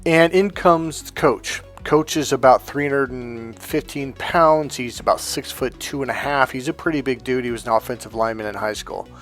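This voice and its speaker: A man's voice: mid-range voice, moderate pace, few pauses, fairly bright tone, faint music behind. Rambling, profane male storyteller. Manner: profane, rambling, with many restarts. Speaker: dating coach. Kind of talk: casual anecdote storytelling.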